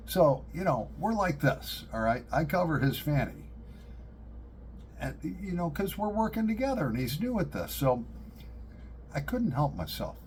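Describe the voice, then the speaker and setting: A middle-aged man, vlogging to camera and telling animated, joking stories, laughing at his own punchlines. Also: medium pitch, moderate pace, a little hiss or hum. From upstate New York. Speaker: pipe-smoking vlogger. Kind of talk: casual storytelling to camera.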